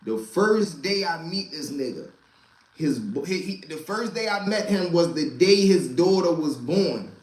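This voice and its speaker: A man's voice: on the high side, lively intonation, unhurried. A man casually telling a rambling, profane street story to a live audience. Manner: loose, profane street storytelling with many asides. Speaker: storyteller and channel host. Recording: roomy echo.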